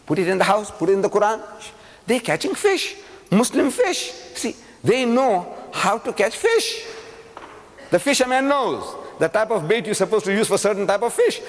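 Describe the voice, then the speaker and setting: An older man giving a religious public lecture, telling a story with lively teasing questions to the audience. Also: sits high. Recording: long reverb of a lecture hall.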